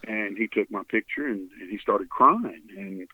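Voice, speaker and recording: A man's voice: lowish voice, moderate pace, slightly rough, no room sound. A man with a Texan accent, a guest telling an earnest, emotional story from his relief volunteering. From Texas. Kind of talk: storytelling in an interview. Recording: dry, phone-like sound.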